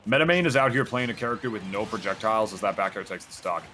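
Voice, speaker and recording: A man commentating a fighting-game match in a casual, excitable, joking way, full of "like". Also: on the low side, fast, slight background noise. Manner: excitable, joking, chatty with filler "like". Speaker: esports commentator.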